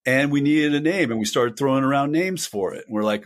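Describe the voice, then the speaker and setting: A man's voice: mid-range voice, expressive, fairly quick. An older man in a casual podcast chat, telling band stories in a rambling, self-deprecating way. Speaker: guest, punk band singer.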